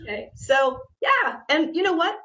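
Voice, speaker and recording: Woman real estate agent, animated podcast guest with a higher voice, muffled recording. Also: a little slow, a little hiss or hum. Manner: animated, laughs often, acts out quotes. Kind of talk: casual podcast conversation. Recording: muffled lo-fi audio.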